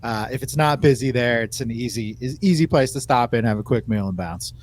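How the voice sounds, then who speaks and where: Co-host, young adult man, easygoing, mid-pitched, laughs along. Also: a little hiss or hum. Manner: easygoing, laughs along, gives measured takes. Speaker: podcast co-host. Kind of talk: casual chat.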